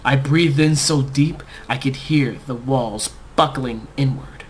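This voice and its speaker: A man narrating a comic first-person story in a deadpan, overblown storyteller manner. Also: mid-range voice, takes it slowly, slight background noise.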